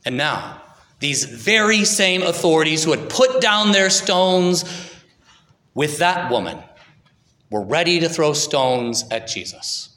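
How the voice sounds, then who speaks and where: Male storyteller, dramatic delivery, bright, fairly high voice, reverberant hall. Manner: dramatic, shifts between quick build-ups and slow emphasis. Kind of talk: dramatic scripted narration. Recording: echoey hall with long reverb.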